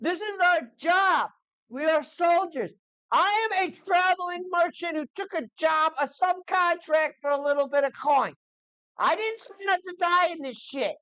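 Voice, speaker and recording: A woman voicing a frantic male merchant who was hired as a carriage guard and shouts his excuses. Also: very high-pitched, measured pace, dry recording, pitched above the performer's own voice. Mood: panicked.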